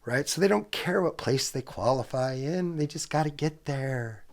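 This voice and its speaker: A man's voice: a little high, normal speed. A middle-aged man from California, a guest skateboarder, telling rambling, profane stories in a casual interview. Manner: profane, rambling, animated storyteller.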